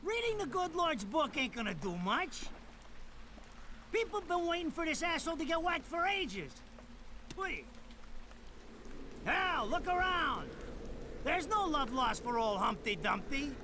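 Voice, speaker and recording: A whiny foul-mouthed mob lackey. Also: male voice, very high voice, very animated, a little slow, long pauses, sharp tone, slight background noise, exaggerated voice. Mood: griping banter. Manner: crude, griping, panicky when scared. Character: foul-mouthed whiny middle-aged male mob errand man. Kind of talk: video game cutscene dialogue.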